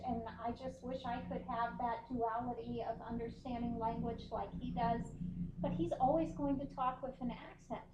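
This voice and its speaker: A woman's voice: high voice, warm tone, echoey room, muffled recording, a little hiss or hum. A woman instructor giving a conversational classroom lecture, often checking in with her students. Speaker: university instructor.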